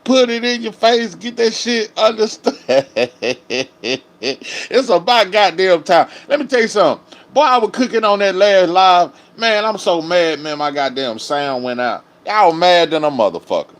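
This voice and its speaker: Man in his thirties, live-stream host, swearing rant, lively swooping pitch, fairly high voice. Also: measured pace. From Dallas area, Texas. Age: 30s. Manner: profane, emphatic, animated ranting.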